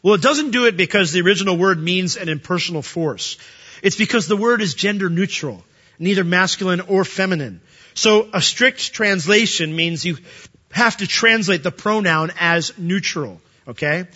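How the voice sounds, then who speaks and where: A man preaching a sermon, animated and emphatic, often asking the listeners questions. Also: high-pitched, moderate pace, highs cut off.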